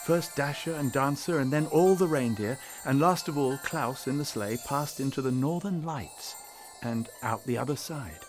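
A man reading a storybook aloud in scripted narration, measured and gently expressive. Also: mid-range voice, faint music behind.

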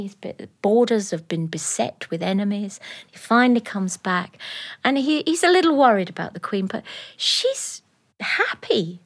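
A woman telling a folk tale live in a studio, animated and playful, with laughing asides. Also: mid-range voice. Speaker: storyteller. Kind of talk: live oral storytelling. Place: recording studio.

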